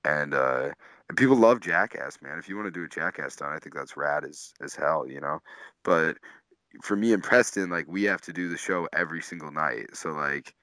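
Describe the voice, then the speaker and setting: A man's voice: rumbling low, normal speed, sharp tone, no echo. A man, a comedian and tour manager, casually telling road stories, laid-back and swearing often, laughing through them. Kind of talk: casual storytelling.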